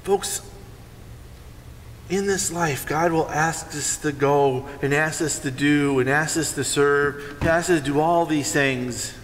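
A man preaching a sermon and retelling a Bible story with animated storytelling, acting out the characters. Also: on the high side, takes it slowly, long reverb tail, a little hiss or hum. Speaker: pastor.

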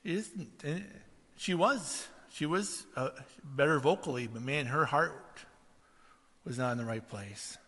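A man preaching a sermon, telling stories and mimicking the voices in them with lively energy. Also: medium pitch, measured pace. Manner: animated storytelling, mimics voices in anecdotes. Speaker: pastor. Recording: long reverb of a hall.

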